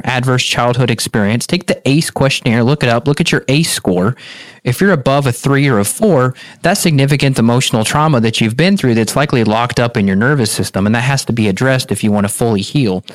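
A man's voice: medium pitch, dry recording. Male health practitioner, earnest storyteller, dry studio sound. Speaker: functional medicine practitioner. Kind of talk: podcast interview.

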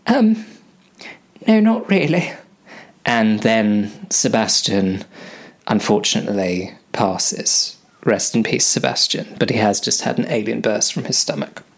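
Husky guy making up a silly story, lots of ums, rambly. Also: lowish voice, steady tone, a little slow. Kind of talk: improvised comic storytelling.

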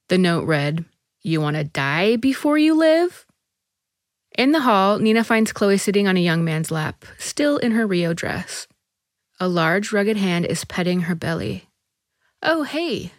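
A woman reading a short story aloud as narrator, measured and even. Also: lowish voice, no room sound, studio quality.

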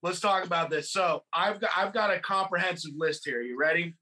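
A man's voice: high voice, a little fast, pushed and bright. A man from California co-hosting a podcast, chatting casually, rambling, swearing and laughing. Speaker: podcast co-host. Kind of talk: casual chat about a film.

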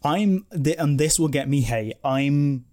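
A man's voice: a little high, animated, measured pace, dark tone. Rambling male podcast co-host. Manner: rambling, many restarts and self-corrections. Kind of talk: casual chat.

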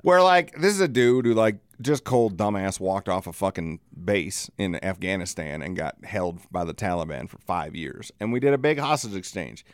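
A man's voice: low-pitched, animated, moderate pace, few pauses, clear, resonant tone, no room sound, studio quality. A middle-aged man from the American Midwest, co-hosting a podcast in a casual, profane, joking rant. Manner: profane, ranting, jokey. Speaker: podcast co-host. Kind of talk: casual chat.

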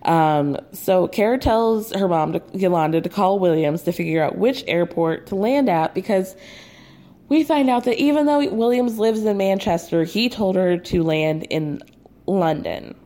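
A young woman with a mid-range, animated voice and dark tone recaps a show at a measured pace. She's chatty and sarcastic, filling her talk with "like" and "um".

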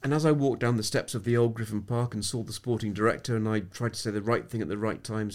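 He talks fast, with few pauses, in a lowish voice: a middle-aged Englishman working as a sports psychologist, sharing reflective anecdotes as a podcast guest and frequently restarting what he's saying.

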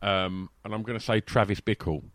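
A man, co-hosting a casual chat and talking in an animated, laughing way with many restarts. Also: lowish voice, fairly quick, dry recording. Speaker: podcast co-host.

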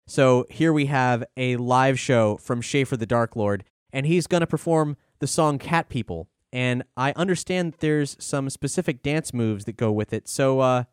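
A man's voice: medium pitch, a little slow, few pauses, clean tone, no echo, studio quality. A man hosting a podcast, chatting casually through the show's promos with the odd filler word. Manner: chatty, relaxed, with filler words. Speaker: podcast host.

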